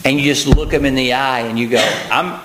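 A man preaching a sermon in a conversational way, with folksy asides and acted-out quotes, plain and unhurried, with frequent fillers and restarts. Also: mid-range voice, steady tone, fairly bright tone, poor audio.

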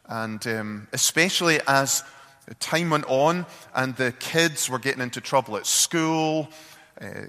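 A man preaching, telling a story in an earnest, halting way with repeated words. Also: medium pitch, sharp tone, in a large hall. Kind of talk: sermon storytelling.

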